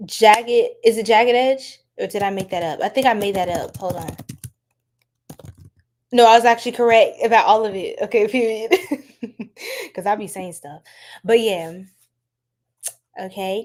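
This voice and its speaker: A young woman hosting a casual tarot-reading livestream, chatty and quick to laugh, talking straight to her chat. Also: medium pitch, lively intonation, darkish tone. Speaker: tarot reader, livestream host.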